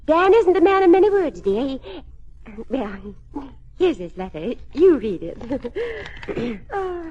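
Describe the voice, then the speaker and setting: A flustered older mother in an old radio comedy, a high voice that swoops up and down and trails into breathy giggles as she stumbles over her words. She is sweet and a little scatterbrained. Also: sing-song, takes it slowly, a little mellow, muffled recording, exaggerated voice. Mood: giggly. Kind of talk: 1950s radio sitcom acting.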